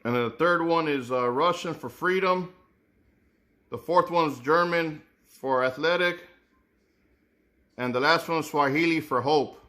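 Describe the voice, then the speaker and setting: A man's voice: fairly high pitch, measured pace, pauses often, sharp tone. A man casually reviewing sneakers, thinking aloud with many repeated words and restarts. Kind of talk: casual unboxing commentary.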